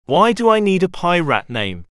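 A man's voice: high voice, very animated, normal speed, a bit bright, clear, resonant tone, dry recording, clean studio sound, pitched above the performer's own voice. A man voicing an anxious, hesitant young male animal, a former circus boy, in a storybook.

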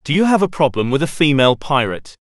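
A man's voice: medium pitch, very animated, quick pace, no echo, studio quality, close to an everyday voice. A man doing a hissing female pirate rat. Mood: hostile.

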